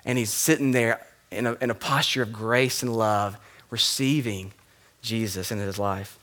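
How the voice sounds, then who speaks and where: A man in his thirties preaching a sermon to a church congregation, animated, swinging between loud emphatic lines and hushed, quiet ones. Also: fairly low pitch, moderate pace. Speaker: pastor.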